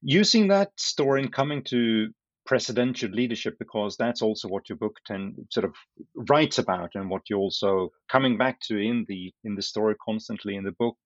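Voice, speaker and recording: A man's voice: on the low side, normal speed, dry recording. A man interviewing a guest, asking probing questions in a conversational way. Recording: dry, dull lo-fi sound.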